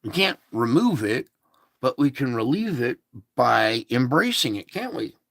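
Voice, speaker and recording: Slow-talking gravelly guy preaching at his online audience, dry close sound. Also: medium pitch, big pitch swings, fairly bright tone, no room sound. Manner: emphatic, repeats points, rhetorical questions. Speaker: host of an online show. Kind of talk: casual preachy monologue. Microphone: phone or laptop.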